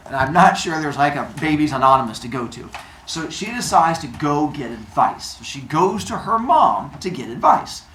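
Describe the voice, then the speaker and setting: A man's voice: on the high side, very animated, moderate pace, a bit bright. Playful man telling myths in an echoey room. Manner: playful, jokey, quizzes listeners. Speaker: storyteller. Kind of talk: lively storytelling to a live audience. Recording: echoey room, distant mic, faint noise.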